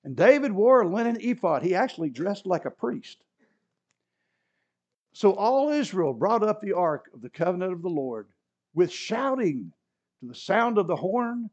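A man preaching a sermon, reading scripture and adding chuckling asides. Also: high voice. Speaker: pastor. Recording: dull lo-fi sermon recording.

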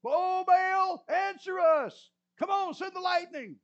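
Brief: preacher playing desperate priests, high wailing shouts, muffled lo-fi audio. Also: male voice, slow pace, heavily acted. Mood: frantic. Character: frantic pagan priests begging their god. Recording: muffled lo-fi recording.

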